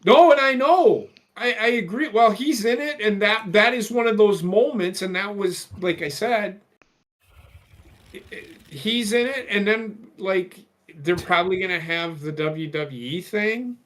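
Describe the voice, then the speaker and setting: A man's voice: sits high, measured pace, fairly bright tone. A man co-hosting a casual podcast, blunt and opinionated, swearing as he makes his point. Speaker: podcast co-host. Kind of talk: casual chat.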